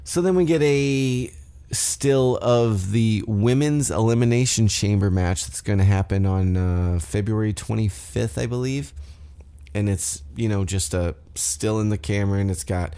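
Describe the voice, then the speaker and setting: A man with a lowish, mellow voice recaps a wrestling show on his podcast. His talk is loose and profane, full of side remarks and self-corrections. He speaks into a desk microphone in a home setup. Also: unhurried, clean tone. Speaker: podcast host.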